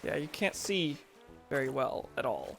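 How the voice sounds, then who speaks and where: A game streamer thinks aloud while playing, in an easy, self-mocking chat with a mid-range voice. Soft game music plays faintly underneath. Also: mid-range voice, big pitch swings, measured pace, creaky.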